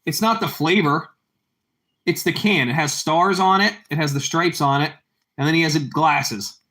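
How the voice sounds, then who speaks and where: A man's voice: fairly high pitch, moderate pace, pushed and bright. A man chatting casually with his livestream viewers, rambling and repeating himself, and calling them bro. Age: adult parent. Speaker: livestream host.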